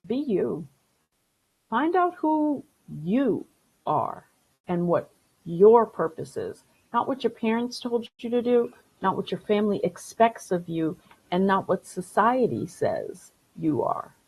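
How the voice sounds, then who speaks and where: Brief: woman guest, husky, warm-affirming, echoes her own lines, mid pitch. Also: very animated, slow pace. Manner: upbeat, affirming, repeats phrases. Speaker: guest, spiritual healer. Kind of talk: casual interview chat.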